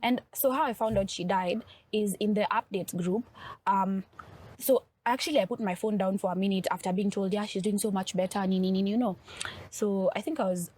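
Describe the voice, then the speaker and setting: A woman's voice: mid-range voice, normal speed, a little mellow, husky. A woman on a podcast, telling a personal story in an earnest, emotional way. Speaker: podcast co-host. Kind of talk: podcast conversation.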